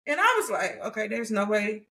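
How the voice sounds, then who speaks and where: A woman, hosting a casual faith conversation and telling stories with animated delivery and frequent laughter. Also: medium pitch, fairly quick. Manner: animated storytelling, laughing often. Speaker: podcast host.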